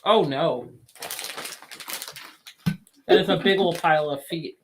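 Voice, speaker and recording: Brief: lower-pitched woman co-host, casual and halting, faint background hiss. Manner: halting, repeats words as she starts. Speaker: snack review show co-host. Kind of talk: casual chat tasting snacks.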